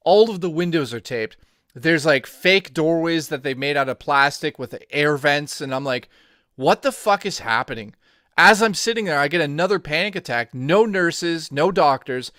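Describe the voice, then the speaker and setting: A man, co-hosting a podcast, telling an animated, profanity-heavy story in casual chat. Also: a little high, no echo, studio quality. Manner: animated storyteller, swears a lot. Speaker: podcast co-host.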